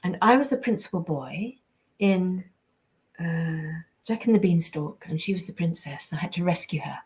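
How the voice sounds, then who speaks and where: A woman's voice: fairly low pitch, expressive, moderate pace, a little mellow, slightly rough. A woman voice actress chatting casually on a livestream while signing prints, reading fan messages aloud, trailing off and dropping into whispered asides. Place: indoors at a signing table.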